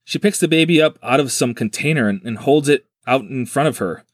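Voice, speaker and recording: A man's voice: medium pitch, a little fast, no room sound, studio quality. A man hosting a podcast, retelling a strange story in casual, joking chat and acting out the quotes. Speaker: podcast host.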